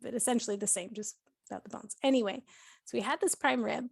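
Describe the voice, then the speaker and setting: A woman's voice: on the high side, quick pace, vocal fry, breathy edge, dry recording, clean studio sound. A woman telling a personal story in a casual interview, chatty and full of "like" and "you know". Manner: chatty, heavy use of "like" and "you know", laughs often. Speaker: podcast host and cookbook author, interviewed.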